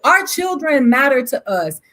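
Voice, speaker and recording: A woman's voice: high voice, big pitch swings, measured pace, a bit bright. A woman from Miami, a panel guest, speaking with fiery emphasis and piling up rhetorical questions. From Miami, Florida. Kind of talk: impassioned panel discussion.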